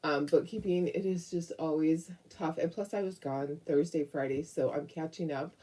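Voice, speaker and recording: A woman's voice: deep voice, normal speed, dark tone. A woman hosting a craft live stream, chatting casually, rambling with lots of fillers and frequent laughs. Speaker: craft show host.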